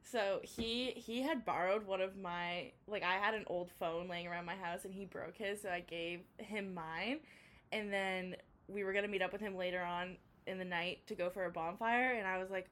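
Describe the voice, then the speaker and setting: A woman's voice: mid-range voice, steady tone, normal speed, fairly bright tone. Playful young woman telling a story. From Canada. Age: young adult. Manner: storytelling, playful, swears casually. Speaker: podcast co-host. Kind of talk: casual chat.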